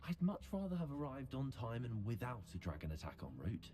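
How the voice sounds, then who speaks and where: A man's voice: mid-range voice, sing-song, a little fast, dark tone, a little hiss or hum, lightly acted. An actor playing a polite, reserved young male student newcomer in a video game.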